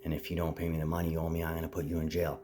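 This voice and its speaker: A man delivering a rambling, grandiose solo monologue, shifting between low muttering and loud declaring. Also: monotone, racing, background noise.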